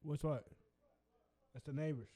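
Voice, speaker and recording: A man's voice: fairly high pitch, unhurried, warm tone, husky, no room sound. A man co-hosting a casual podcast, laid-back, laughing often and joking around. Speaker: podcast co-host. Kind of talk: casual chat.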